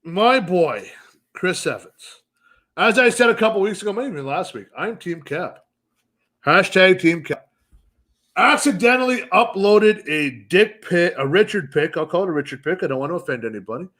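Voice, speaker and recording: A man in his thirties co-hosting a podcast, ranting loudly with constant swearing and mock outrage. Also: sits high, expressive, normal speed. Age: 30s. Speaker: podcast co-host. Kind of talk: profane comedic rant.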